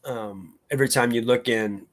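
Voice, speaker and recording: In a relaxed live-stream chat, a male co-host tells long stories, restarting often and leaning on fillers. He has a mid-range voice and talks at normal speed.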